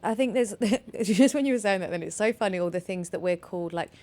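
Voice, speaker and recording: A woman hosting a podcast interview, enthusiastic and affirming as she shares her own view with her guest. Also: mid-range voice. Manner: quick, enthusiastic, warmly affirming. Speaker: podcast host. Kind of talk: conversational interview.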